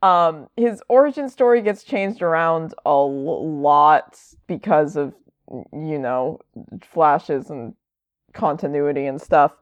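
A woman's voice: low-pitched, takes it slowly, dry recording, highs cut off. A woman chatting casually, rambling with lots of fillers and wry asides. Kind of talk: casual chat.

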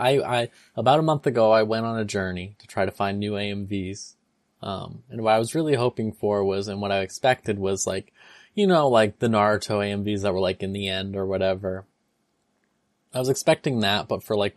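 A podcast co-host chatting casually, telling animated stories. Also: deep voice, moderate pace, no echo, clean studio sound. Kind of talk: casual chat.

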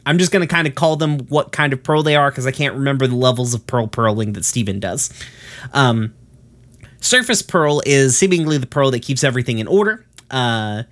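A man's voice: mid-range voice, lively intonation, fairly quick, fairly bright tone. A man casually retelling a cartoon episode in a rambling way, with lots of fillers and the odd swear word.

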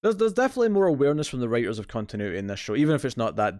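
Animated man chatting on a podcast. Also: mid-range voice, very fast, no room sound. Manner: animated retelling, acts out voices, laughs often. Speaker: podcast co-host. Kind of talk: casual podcast chat.

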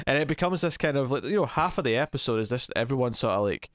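A man chats casually as a podcast co-host, rambling in a jokey, animated way. His voice sits at an ordinary middle pitch. The recording is dry and close, with no room echo. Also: quick pace. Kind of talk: casual chat reviewing a TV episode.

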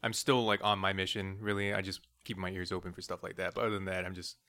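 A man's voice: low-pitched, flat delivery, quick pace, bright, forceful tone, no echo. A man playing a tabletop game, talking in a laid-back, jokey way. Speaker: player. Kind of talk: casual game chat.

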